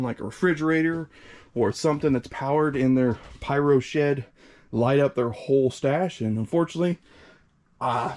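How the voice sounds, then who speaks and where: A man's voice: a little high, darkish tone. A young man from the Midwest US hosting a casual fireworks vlog outdoors, a bit out of breath and chatty with many fillers. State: out of breath from the heat. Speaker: fireworks channel host. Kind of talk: casual vlog showing products. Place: outdoors by a storage shed.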